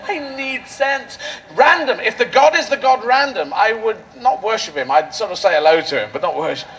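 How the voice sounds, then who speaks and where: Male stand-up comic, high voice with gravelly fry, rambling absurdist riffs, outdoor rally stage mic. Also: lively intonation, normal speed, a bit bright, low-quality recording. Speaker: stand-up comedian. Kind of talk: stand-up comedy routine.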